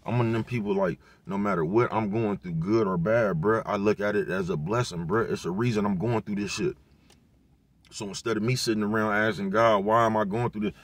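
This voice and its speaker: Dude talkin aave, chill and rambling, cussing a lot, kinda low voice, keeps checking you get him. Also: male voice, fairly even intonation, fairly quick. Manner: laid-back, profane street talk, constant "you know what I'm talking about". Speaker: vlogger giving life advice. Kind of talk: casual motivational monologue.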